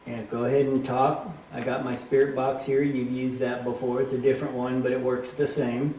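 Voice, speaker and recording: Mellow-voiced man telling a ghost story. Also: medium pitch, moderate pace. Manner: animated retelling with acted quotes. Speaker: tour guide. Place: underground mine tunnel. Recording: echoey tunnel, faint noise.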